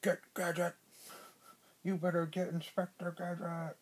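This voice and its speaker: A man voicing an evil villain boss for his son, in a raised, gruff growl, recorded on a handheld iPad. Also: sits high, monotone, unhurried, voice pushed up. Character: evil male villain boss, snarling and scheming. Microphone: iPad held in hand.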